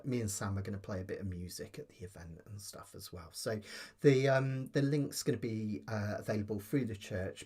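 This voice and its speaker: A man's voice: fairly low pitch, slightly rough. A man teaching ukulele on a live stream, chatting casually, thanking viewers and reading out their comments with lots of ums and uhs. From United Kingdom. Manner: chatty, reads viewer comments, many fillers. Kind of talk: live-streamed lesson chat.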